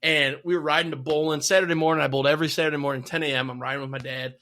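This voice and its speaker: A young man co-hosting a podcast, chatting casually with animated, swearing storytelling. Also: on the high side, rapid-fire. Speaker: podcast co-host. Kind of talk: casual chat.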